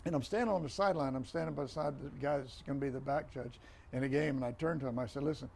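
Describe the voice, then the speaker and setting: Speaking fast in a creaky mid-range voice, this retired referee, an older man, animatedly spins stories as a podcast interview guest. He repeats phrases and acts out bits of dialogue. Slight background noise can be heard.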